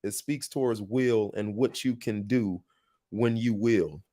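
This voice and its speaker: A man's voice: lowish voice, a little slow, warm tone. A man hosting a podcast in a casual monologue, earnest and motivational, telling stories with emphatic repetition. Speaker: podcast host.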